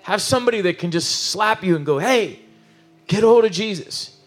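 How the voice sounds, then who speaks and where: A man preaching a sermon in an animated, emotional, conversational way, full of asides and restarts. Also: sits high, a little fast, soft background music. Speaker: pastor.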